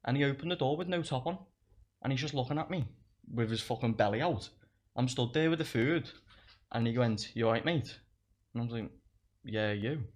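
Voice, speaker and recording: A man's voice: medium pitch, a little fast, pauses often. A young man, a comedian guest on a podcast, telling stories in casual chat, swearing freely and laughing as he goes. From England. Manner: laughs through his stories, swears a lot.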